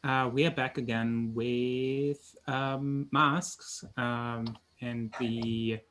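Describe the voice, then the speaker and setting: Middle-pitched person, halting, filler-heavy casual chat. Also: flat delivery, a bit bright. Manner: halting, many fillers, apologetic. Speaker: game master of another game. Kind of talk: casual chat among players.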